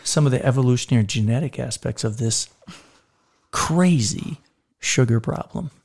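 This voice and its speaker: A man's voice: mid-range voice, normal speed, creaky, a little mellow, breathy edge. A man doctor co-hosting a podcast in casual chat, cracking jokes and cutting in on his partner. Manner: jokey, interrupting, wisecracking.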